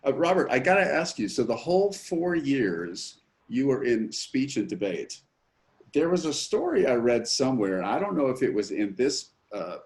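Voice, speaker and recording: A man hosting a podcast and interviewing a guest with long, measured questions. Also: medium pitch, very animated, darkish tone. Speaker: podcast host.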